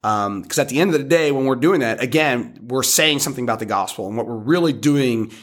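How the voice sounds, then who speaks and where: A man's voice: medium pitch, brisk. A man, a street preacher and podcast host, telling stories in a casual, rambling way with many restarts. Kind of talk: casual conversational storytelling.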